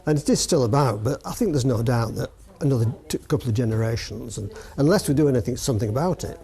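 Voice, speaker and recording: Man, dialect teacher, quick and warm, explains patiently. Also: mid-range voice, lively intonation, gravelly. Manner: explanatory, fond.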